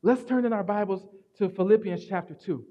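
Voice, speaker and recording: A man preaching a sermon as pastor, telling stories in an animated way that swings from loud to hushed. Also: sits high, brisk, highs cut off.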